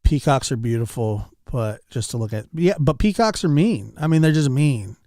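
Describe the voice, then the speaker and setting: A man's voice: medium pitch, lively intonation, normal speed, dark tone, no room sound, clean studio sound. A man chatting casually with his stream chat, telling rambling anecdotes and calling out viewers by name. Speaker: livestreamer.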